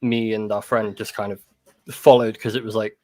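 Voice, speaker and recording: A man recounting a personal encounter in casual conversation, halting and full of restarts and "like". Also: fairly low pitch, flat delivery, dark tone, no room sound.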